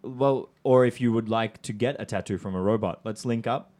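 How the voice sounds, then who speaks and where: A man's voice: lowish voice, normal speed, a little mellow. A man hosting a podcast, leading a casual, upbeat brainstorm with his guests. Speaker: podcast host. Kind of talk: casual chat.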